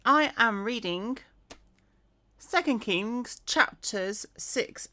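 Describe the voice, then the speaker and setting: A woman's voice: mid-range voice, measured pace, sharp tone. A woman reading the Bible aloud in a casual way, with chatty asides, fillers and self-corrections. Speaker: reader.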